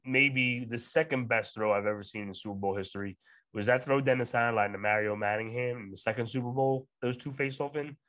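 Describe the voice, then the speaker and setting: A man's voice: lowish voice, a bit bright, dry recording. A man co-hosting a casual podcast, talking bluntly and rambling with lots of fillers. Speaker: podcast co-host. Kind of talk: casual chat.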